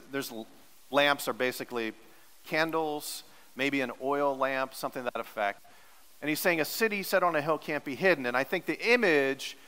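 A man's voice: mid-range voice, sharp tone, clean tone, in a large hall, poor audio. A male pastor preaching a sermon in an earnest, teacherly way, leaning hard on repeated words for emphasis.

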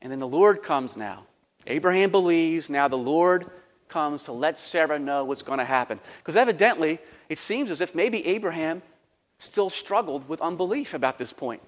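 A man preaching a sermon, animated and conversational, acting out voices in the quotes he tells. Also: a little high, moderate pace, big-room sound. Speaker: pastor.

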